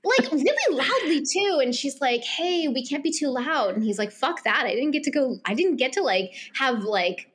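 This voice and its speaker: A woman with a fairly high voice co-hosts a casual podcast, retelling scenes from a book and acting out the characters' lines. She talks loosely and laughs often. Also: big pitch swings, moderate pace, few pauses, fairly bright tone. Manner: recaps scenes with quoted dialogue, laughs often. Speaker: podcast co-host. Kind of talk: casual book-club chat.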